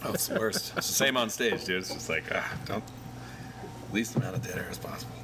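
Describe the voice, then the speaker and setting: A man's voice: on the low side, fairly quick. A man from Idaho, a songwriter guest, telling stories in a laid-back way, full of "like" and "dude.". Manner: laid-back storyteller, says "like" and "dude" a lot. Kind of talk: casual interview chat. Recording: noisy room ambience.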